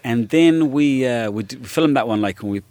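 A man's voice: medium pitch, expressive, brisk, a little mellow, dry recording. An Irish man, a guest comedian, telling loose, rambling stories in casual chat, swearing freely and laughing as he goes. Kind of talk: casual anecdotal storytelling.

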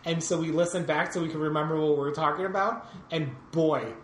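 Female podcast co-host, lower pitch, lively and giggly, in an echoey room. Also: quick pace, a little hiss or hum. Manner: giggly, enthusiastic, rambling. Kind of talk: casual movie chat. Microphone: microphone set far away.

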